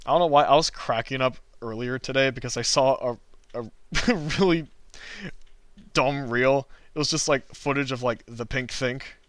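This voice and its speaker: A man's voice: mid-range voice, normal speed, a bit bright, no room sound. A man hosting a drawing livestream, chatting casually with his viewers and often laughing. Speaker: livestream host, cartoonist. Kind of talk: casual chat while drawing.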